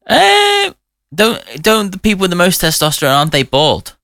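A young man sitting in as radio co-host, joking and poking at his partner. His voice is bright with a lively, swinging pitch, recorded close and dry. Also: fast, dry recording. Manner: playful, needling. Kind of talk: casual on-air banter.

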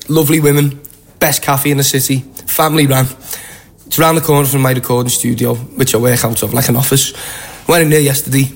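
A Liverpudlian man with a Scouse accent, telling animated anecdotes in a casual interview. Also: mid-range voice. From Liverpool, England. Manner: chatty, animated anecdotes with acted-out quotes. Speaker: guest. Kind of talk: casual storytelling.

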